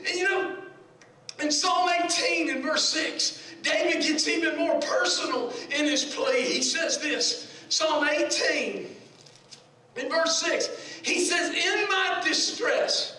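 Preacher guy, really high bright voice, fired up then hushed, big echoey church, mic way off. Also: slow, recorded from a distance. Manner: impassioned preaching, repeats words, swings between quiet and shouting. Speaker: pastor. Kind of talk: sermon. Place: large near-empty church.

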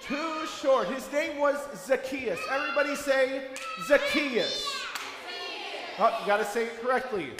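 A man's voice: very high-pitched, expressive, normal speed, hardly any pauses, noisy background. Playful man leading children's chapel. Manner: playful, coaxing a young crowd, bursts of shouting and singing. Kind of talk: children's chapel talk with songs. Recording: echoey hall, long reverb.

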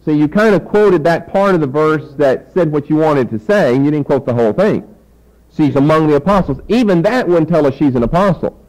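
A man's voice: fairly high pitch, darkish tone, rough recording. A man teaching a Bible lesson, explaining points emphatically and spelling out words letter by letter.

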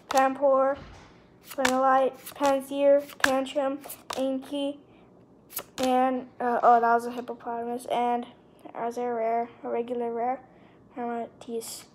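A woman vlogging a trading card unboxing, gushing with excitement as she lists her pulls. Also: sits high, noisy background. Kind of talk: casual unboxing commentary. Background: card and wrapper crinkling.

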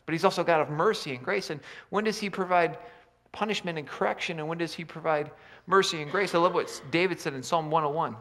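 A man preaching a sermon, swinging between loud emphatic lines and quiet low asides. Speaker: pastor.

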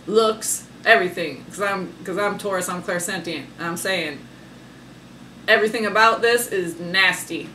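A woman's voice: mid-range voice, lively intonation, moderate pace, a bit bright, a little hiss or hum, low-quality recording. A woman giving a casual, sassy tarot reading, talking emphatically and laughing often. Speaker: tarot reader.

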